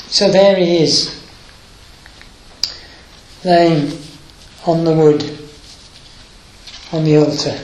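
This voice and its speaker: A man's voice: on the high side, fairly even intonation, a little mellow, echoey room, slight background noise, poor audio. A man preaching a sermon, reading scripture aloud and explaining it with hesitant fillers, moved by the story. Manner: unhurried, emotional, with hesitant fillers.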